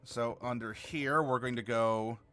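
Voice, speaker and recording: Chatty man with a bright voice. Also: mid-range voice, steady tone, measured pace. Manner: chatty, reads and answers viewer comments. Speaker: host building a game character live. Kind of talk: casual livestream chat.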